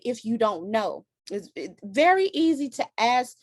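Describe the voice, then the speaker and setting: A woman's voice: on the high side, very animated, measured pace, no echo, studio quality. A woman hosting a faith-based advice talk, earnest and candid, often restarting her sentences. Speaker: host.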